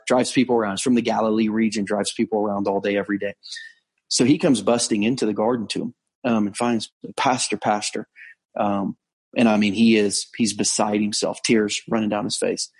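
Husky low-voiced pastor telling a story. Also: male voice. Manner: earnest storytelling, frequent restarts and slowed emphasis. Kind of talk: conversational sermon talk. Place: on location abroad.

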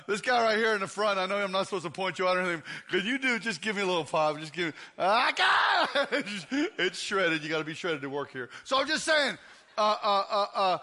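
A man preaching a humorous sermon, loud and teasing the congregation. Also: high voice. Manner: loud, joking, teasing the crowd. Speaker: guest preacher.

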